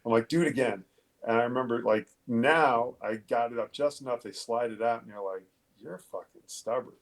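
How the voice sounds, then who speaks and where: A middle-aged man from Long Island, New York, a police detective telling his story in a casual interview, halting and profane, with many fillers and restarts. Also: medium pitch.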